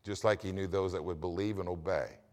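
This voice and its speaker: A man's voice: low-pitched, fairly even intonation, brisk, darkish tone. A man preaching a sermon as pastor, emphatic and asking the congregation questions as he goes.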